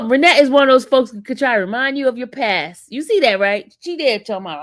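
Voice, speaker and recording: A woman's voice: fairly high pitch, expressive, a little fast, no room sound, studio quality. A woman with an East Coast American accent hosting a casual livestream, teasing and sassing her chat. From northern US. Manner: sassy, teasing, talks back to chat. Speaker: livestream host.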